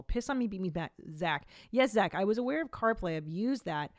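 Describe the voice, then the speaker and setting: A woman's voice: medium pitch, lively intonation, fairly quick, few pauses, no room sound, clean studio sound. Blunt, foul-mouthed woman co-hosting a podcast. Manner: profane, blunt, joking. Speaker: podcast co-host. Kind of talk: casual podcast banter.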